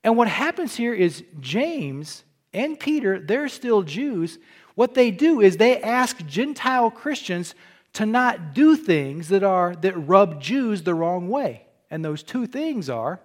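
A middle-aged man from Illinois preaching a sermon in a church, telling stories with jokes and frequent restarts. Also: sits high. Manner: folksy, joking, animated storytelling with repeated restarts. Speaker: pastor.

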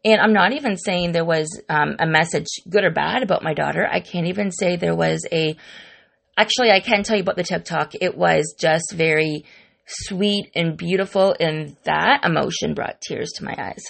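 A woman's voice: fairly low pitch, normal speed, creaky. A middle-aged woman hosting a wellness podcast, talking candidly and reflectively to her listeners. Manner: warm, candid, confiding, with repetitions. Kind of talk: casual reflective podcast monologue.

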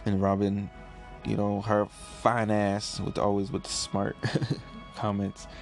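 A man casually reviewing a comic chapter, relaxed and rambling with lots of fillers. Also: on the low side, takes it slowly, creaky, soft background music.

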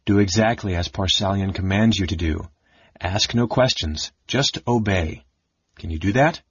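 A man playing a grave hushed mage. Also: low-pitched, moderate pace, breathy edge, dry recording. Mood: stern. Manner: soft, grave, commanding. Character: stern, hushed older male mage in red robes. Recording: dull lo-fi audiobook recording.

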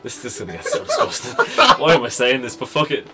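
A man's voice: medium pitch, huge pitch swings, quick pace, over loud music. A young man with an Irish accent, telling a story in casual chat with lots of swearing and laughing at himself. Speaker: podcast co-host.

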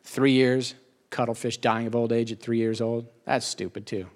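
A middle-aged man in a casual spoken monologue, rambling and emotional, with quick asides and a lot of repetition. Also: mid-range voice, little pitch movement, a little mellow.

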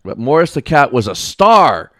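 A man's voice: medium pitch, sing-song, moderate pace, fairly bright tone, dry recording, clean studio sound. A man co-hosting a podcast in casual chat, bantering with frequent laughs and restarts. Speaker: podcast co-host.

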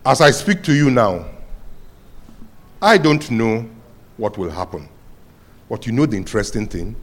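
A man preaching a sermon as pastor, telling stories and rising to loud cries. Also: mid-range voice, lively intonation, measured pace, long pauses.

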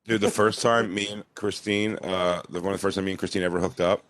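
A man's voice: deep voice, fairly even intonation, fast talker, fairly bright tone, no room sound. A man co-hosting a podcast, crude and teasing in casual comedic chat. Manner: crude, teasing, acts out quoted lines. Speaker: podcast co-host.

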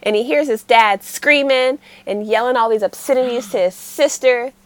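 Animated woman recapping a comic. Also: a little high, moderate pace, no room sound. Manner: animated, acts out characters' lines. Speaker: podcast co-host. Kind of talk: casual chat, recapping a webcomic.

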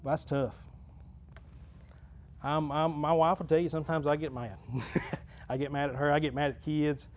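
A man preaching a sermon to his congregation in a church, folksy and plain-spoken, building to loud crescendos and dropping back to a low talk. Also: little pitch movement, moderate pace, pauses often. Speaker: pastor. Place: church sanctuary.

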